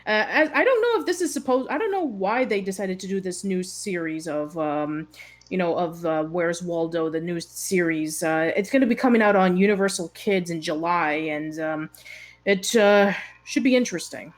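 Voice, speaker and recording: A woman's voice: on the low side, expressive, moderate pace. A woman co-hosting a casual chat show, talking hesitantly with lots of fillers and restarts. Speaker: show co-host.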